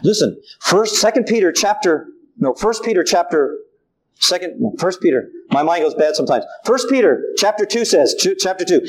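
A middle-aged man preaching a sermon, animated and acting out quotes from his family. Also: high-pitched, moderate pace, slight background noise, poor audio.

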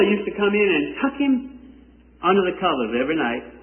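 High-voiced preacher in an echoey hall. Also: male voice, big pitch swings. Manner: fervent, drawn-out scripture reading with a sing-song cadence. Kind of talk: sermon. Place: church service before a congregation. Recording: echoey hall on a tinny lo-fi recording.

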